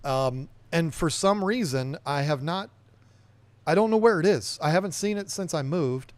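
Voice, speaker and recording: A man hosts a casual livestream podcast, his voice pitched a little high and recorded dry and close. He rambles from topic to topic, reading viewer comments aloud and answering them as he goes. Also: lively intonation, normal speed, dry recording. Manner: rambling, reads viewer chat aloud and chats back.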